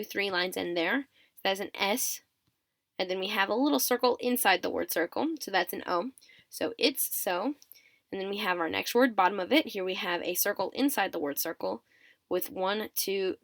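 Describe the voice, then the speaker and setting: A woman's voice: mid-range voice, fairly bright tone, no echo. Methodical woman explaining a writing system. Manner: methodical, counts items aloud, corrects herself. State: sleepy, yawning. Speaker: teacher of a constructed script. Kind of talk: step-by-step explanatory tutorial.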